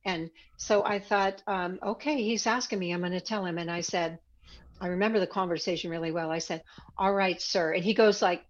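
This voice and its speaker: A woman recounts her own past in an interview, in a reflective voice that turns animated when she repeats old conversations. Her pitch sits in the middle range. The recording sounds a little dull and lo-fi. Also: moderate pace. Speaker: interview guest. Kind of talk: personal storytelling in an interview.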